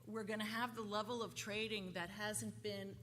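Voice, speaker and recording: A woman speaking on a conference panel, halting and often restarting her sentences. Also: medium pitch, little pitch movement, a bit bright. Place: conference hall. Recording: conference hall reverb, faint noise.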